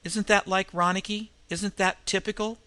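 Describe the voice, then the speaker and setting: A man's voice: high-pitched, little pitch movement, normal speed, bright, forceful tone, no room sound, pitched above the performer's own voice. A man voicing a young woman who speaks earnestly and steadily through her sadness. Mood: wistful. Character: Ruth, young woman, sad yet steady.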